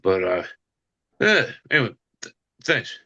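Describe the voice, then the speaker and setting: A man's voice: mid-range voice, sing-song, measured pace, pushed and bright. A man on a video call who rambles with many fillers, a little grumpy. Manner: rambling, full of "you know" and "I mean". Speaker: call participant. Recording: dull lo-fi call audio.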